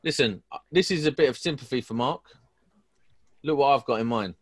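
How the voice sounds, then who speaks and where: A man's voice: medium pitch, fairly quick. A British man hosting a casual video call, teasing his friends and joking around. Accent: British English. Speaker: host.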